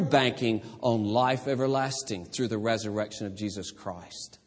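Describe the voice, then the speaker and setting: A man preaching a sermon as pastor, moving from casual storytelling to emphatic, forceful preaching. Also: lowish voice, steady tone, moderate pace, few pauses, breathy edge. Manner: conversational then building to emphatic preaching. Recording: long church reverb.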